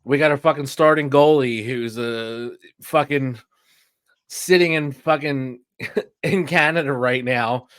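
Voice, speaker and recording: A man's voice: mid-range voice, slow pace, a bit bright, smooth, dry recording, studio quality. A man, co-hosting a podcast and ranting heatedly about sports with plenty of profanity. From Philadelphia. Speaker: podcast co-host. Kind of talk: casual sports chat.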